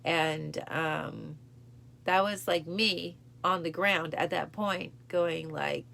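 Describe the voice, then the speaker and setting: Low, gravelly woman talking casually. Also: fairly even intonation, slow, a bit bright, slight background noise. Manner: emotional, repeats phrases, acts out film lines with rising pitch. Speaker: host of a cancer support show. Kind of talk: casual talk to camera.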